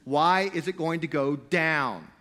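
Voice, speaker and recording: A man preaching a sermon to a live congregation. He swings between loud, emphatic stretches and quiet asides, and he jokes with the crowd. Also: fairly high pitch, measured pace. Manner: playful, jokey with the crowd. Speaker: pastor.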